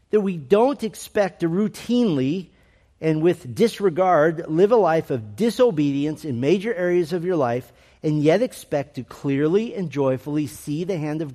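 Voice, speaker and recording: A man preaching a sermon to his congregation, earnest and emphatic, slowing down to stress key phrases. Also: on the high side, dark tone. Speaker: pastor.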